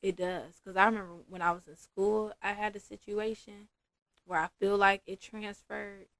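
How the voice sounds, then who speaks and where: A woman's voice: mid-range voice, level tone, normal speed, fairly bright tone, no echo. A woman, a massage therapist guest chatting casually on a podcast and acting out her clients' lines.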